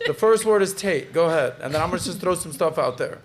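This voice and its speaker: Man, podcast host, high pitch, joking, hype-man manner. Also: lively intonation, quick pace, a little hiss or hum. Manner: loose, joking, hypes up guests. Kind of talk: casual panel chat.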